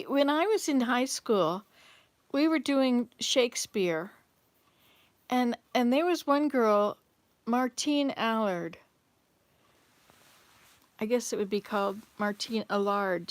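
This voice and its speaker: Chatty older woman, highish voice. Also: measured pace, long pauses, no echo. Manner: chatty, rambling, answers viewers' comments. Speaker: livestream host reading chat. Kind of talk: casual live chat. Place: home, in Canada.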